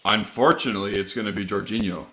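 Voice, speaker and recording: A man's voice: lowish voice, fairly even intonation, fast. A man co-hosting a casual football podcast, giving blunt opinions and correcting himself mid-sentence. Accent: American. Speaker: podcast co-host.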